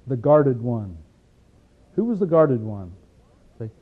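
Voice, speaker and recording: A man with a Southern hillbilly accent preaching a folksy sermon, asking rhetorical questions and reading scripture slowly. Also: medium pitch, very animated, breathy edge. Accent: Southern American hillbilly. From Appalachian region, USA. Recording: tinny phone-like recording.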